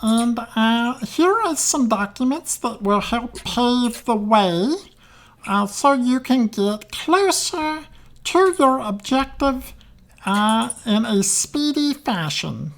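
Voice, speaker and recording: A man voicing a fussy female gnome envoy who talks in halting bursts full of ums. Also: very high-pitched, lively intonation, a bit bright, pitched above the performer's own voice, exaggerated voice. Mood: polite.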